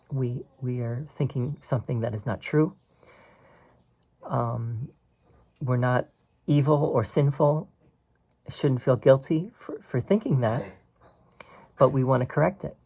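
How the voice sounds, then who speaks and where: A man's voice: mid-range voice, a little slow, pauses often, dark tone, husky. A man teaching a spiritual text in a casual, conversational way, explaining passages and often checking in with "right?". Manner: explains quoted text line by line.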